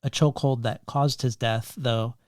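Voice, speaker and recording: A man hosting a literary podcast interview, speaking in measured, long questions that weave in quoted lines and figures. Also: mid-range voice, steady tone, no room sound, clean studio sound. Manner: measured, reads quotations and statistics in long questions. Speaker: podcast host.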